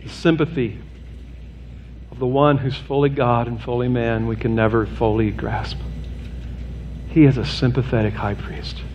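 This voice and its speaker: A man's voice: fairly even intonation, moderate pace, a little mellow, slight background noise. A man preaching a sermon as pastor to his congregation, earnest and direct, mixing plain humor with a rising, urgent appeal. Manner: earnest, rises in pitch and intensity toward an urgent appeal. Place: church sanctuary.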